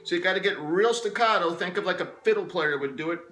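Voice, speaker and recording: Relaxed man teaching guitar, loud guitar. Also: high-pitched, fast, poor audio. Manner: relaxed, explaining step by step. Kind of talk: guitar lesson. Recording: loud guitar playing between phrases.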